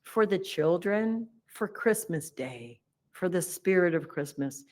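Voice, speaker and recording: A kindly, meek father of a poor family, played by a woman telling the story, who pleads softly and placatingly. His voice stays low and hushed. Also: expressive, slow. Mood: pleading.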